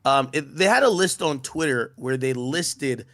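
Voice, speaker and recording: A man's voice: medium pitch, lively intonation, unhurried, fairly bright tone. A man interviewing a guest on a casual stream, stammering through his questions with many restarts.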